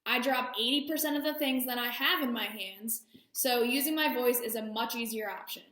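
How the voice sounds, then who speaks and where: A woman's voice: a little high, moderate pace, a bit bright, roomy sound. A woman service dog training instructor explaining training methods with friendly, self-deprecating asides. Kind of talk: instructional talk.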